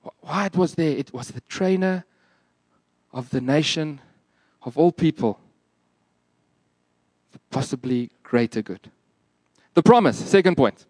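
An earnest male pastor preaching with strong emphasis and a lively, swooping delivery. His voice is fairly high, and the recording is close and dry. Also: a little slow, long pauses, no room sound. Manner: earnest, emphatic, plain-spoken. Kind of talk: sermon.

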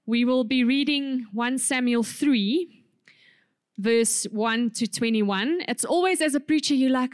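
Lady opening a church sermon, kinda high-pitched, casual with lots of ums. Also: normal speed, no echo, studio quality. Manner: chatty, informal with fillers. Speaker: preacher. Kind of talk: sermon introduction.

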